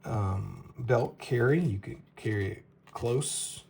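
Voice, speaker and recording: A man hosting a casual knife review, talking in a halting, rambling way and tripping over names. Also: medium pitch, vocal fry, darkish tone, a little hiss or hum. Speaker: knife reviewer, show host.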